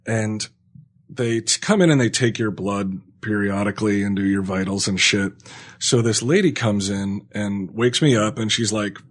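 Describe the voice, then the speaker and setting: A man's voice: fairly low pitch, moderate pace. A man telling a long story in casual chat on a podcast, rambling with many fillers and frequent swearing.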